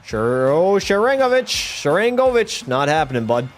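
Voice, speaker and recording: A young man with a fairly high voice streams a hockey video game and talks straight to his chat. He swears freely, gets fired up over every play, and sounds a little tipsy. Faint game music plays underneath. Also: moderate pace. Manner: profane, excitable, talks to chat. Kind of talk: live gameplay commentary.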